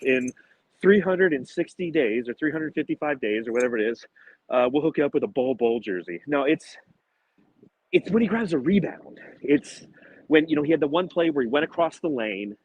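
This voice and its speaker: A man's voice: medium pitch, breathy edge, no room sound, lo-fi sound. A man hosting a casual sports podcast, out of breath, rambling through analytical basketball talk with fillers. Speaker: podcast host. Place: outdoors, walking and climbing stairs.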